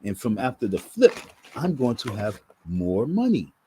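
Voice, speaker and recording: A man's voice: mid-range voice, wildly swooping pitch, measured pace, warm tone, slight background noise. A man ranting to camera in a profane, scolding monologue, hammering his points through repetition. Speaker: vlogger.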